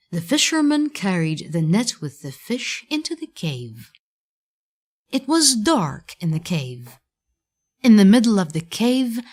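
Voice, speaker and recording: A woman narrates a storybook for English learners, slowly and carefully. Her voice is lowish, yet it moves a lot in pitch, and each phrase is clearly spaced. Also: a little mellow.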